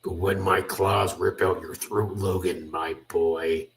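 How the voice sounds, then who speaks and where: A man voicing a brutal male mutant brute in a comic read-through, shouting gloating threats. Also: low-pitched, little pitch movement, slow pace, creaky, slight background noise, full character voice.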